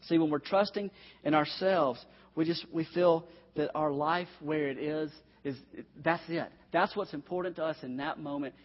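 A pastor with a fairly high-pitched voice preaches to his congregation at a normal speed, earnest and direct, addressing his listeners head-on. The recording from the church sanctuary sounds dull and echoey, caught in a hall with long reverb.

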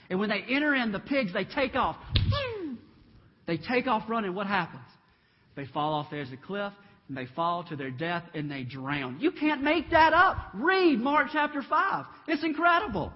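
A man preaching a lively sermon, acting out the voices in the Bible stories as he retells them. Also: high voice, slightly rough. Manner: animated storytelling, acts out Bible voices. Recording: dull reverberant hall.

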